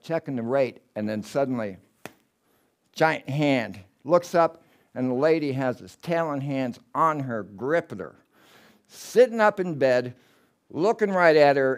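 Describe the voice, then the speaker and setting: A middle-aged man giving a casual, rambling talk of ghost stories, going off on tangents and swinging between excited outbursts and hushed tellings. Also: mid-range voice.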